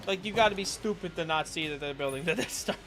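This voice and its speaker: A man's voice: on the high side, fast. Profane, rambling young streamer guy. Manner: casual and profane, rambling with many fillers. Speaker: livestream streamer. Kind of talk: casual livestream chat while gaming. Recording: music playing behind the voice. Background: music.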